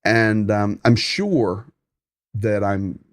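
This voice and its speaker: A man with a Southern American accent hosting a live-stream news update, talking conversationally, reading viewer comments and often pausing with "um.". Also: on the low side, dry recording, studio quality. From United States.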